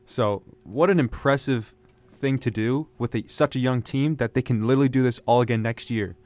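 A man's voice: mid-range voice, normal speed, a little mellow. A young man co-hosting a college radio sports show, enthusiastically recapping the season in long run-on sentences. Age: young adult. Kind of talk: casual sports chat.

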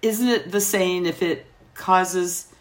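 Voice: mid-range voice, takes it slowly. A podcast co-host talking casually and bluntly about a reality show. The tone is opinionated and frank, with firm judgments delivered plainly. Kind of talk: casual chat.

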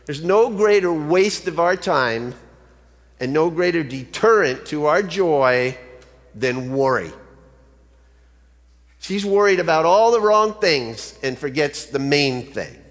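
A man pastor preaching a sermon in a relaxed, storytelling way, talking to his congregation. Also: fairly high pitch, takes it slowly. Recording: long reverb of a large hall.

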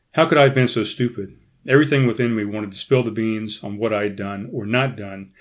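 Brief: male podcast host reading his memoir, dramatic, animated, with dropped-voice asides. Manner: animated, pitch jumps up in quoted dialogue, quiet asides.

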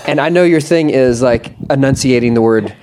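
Male podcast host, mid-pitched, jokey and rambling, lots of self-corrections. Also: normal speed, a little mellow, a little hiss or hum. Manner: joking, rambling, many restarts. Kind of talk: casual chat.

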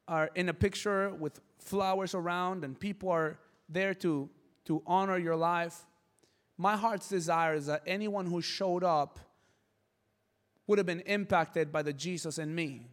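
A man preaching with passion in a high voice, repeating key words and telling stories along the way. His voice carries in a hall with a long, ringing reverb. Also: steady tone, unhurried. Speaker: pastor. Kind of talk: sermon.

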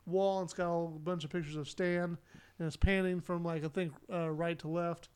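Guy on a podcast walking through the plot, kinda high and smooth, lots of uhs. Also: level tone, normal speed, a little mellow. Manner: narrates plot with many "uh" fillers. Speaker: podcast host recapping an episode. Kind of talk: casual recap chat.

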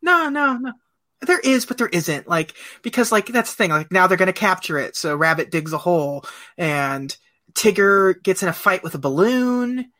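Guy rambling on a podcast, bright voice, laughs a lot, says like constantly. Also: high-pitched, expressive, normal speed. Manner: rambling, laughs often, lots of fillers. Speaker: podcast co-host. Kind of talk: casual film discussion.

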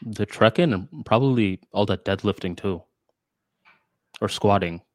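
A man's voice: fairly low pitch, measured pace, no echo. Podcast co-host, male, casual storyteller, dry close mic. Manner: storytelling, animated retelling.

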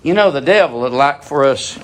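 A man's voice: medium pitch, expressive, a little fast. A man preaching a sermon in a fervent, repetitive cadence.

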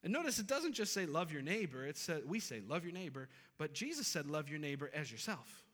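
In a church sanctuary, a pastor in his thirties preaches earnestly and emphatically, repeating his key phrases. His voice is fairly high and fairly bright, very animated and brisk. The hall is reverberant.

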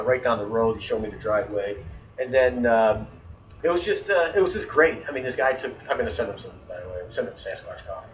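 A man's voice: medium pitch, distant mic, a little hiss or hum, low-quality recording. A man telling a long story in casual podcast chat, swearing freely and acting out the voices of the people in it. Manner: animated storyteller, swears, acts out quoted voices.

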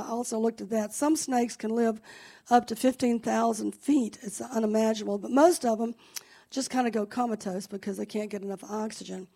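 A woman's voice: fairly high pitch, warm tone. A woman pastor giving a sermon in an encouraging, conversational way.

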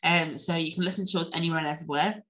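A woman's voice: low voice, steady tone, racing, a bit bright. A woman co-hosting a podcast, chatting casually and emotionally through a film review with lots of "like". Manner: chatty, heavy use of "like"; emotional, gushing. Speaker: podcast co-host.

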